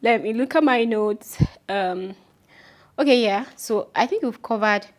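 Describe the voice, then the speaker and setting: A woman's voice: a little high, measured pace. A young woman with a Nigerian accent giving casual, emphatic advice to her viewers, often repeating her points and calling them "my love". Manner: chatty, affectionate, repeats instructions emphatically. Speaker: vlogger. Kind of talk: casual advice talk to camera.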